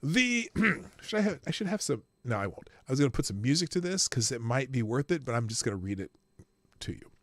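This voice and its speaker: A man's voice: medium pitch, big pitch swings, a little fast, no echo. A man hosting his own show, reading news articles aloud and breaking off with sarcastic asides, sometimes stumbling over words and laughing at himself. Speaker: podcast host.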